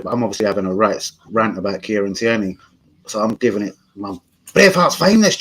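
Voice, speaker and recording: A man's voice: mid-range voice, fast, rough recording. A man, hosting a casual live stream and chatting with viewers in a laid-back, slangy way, swearing often. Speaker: streamer and channel host.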